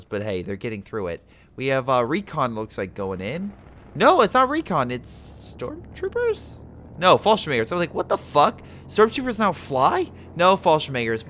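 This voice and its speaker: Male game caster, average pitch, very lively delivery, casual and profane. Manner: animated, swears, talks to the players. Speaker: game commentator. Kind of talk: casual gameplay commentary.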